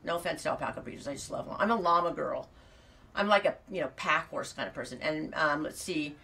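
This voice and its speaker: A farm vlogger from California reads viewer comments in a casual, rambling chat, laughing often. Her low voice is brisk, bright, and forceful with vocal fry, and the mic sounds distant.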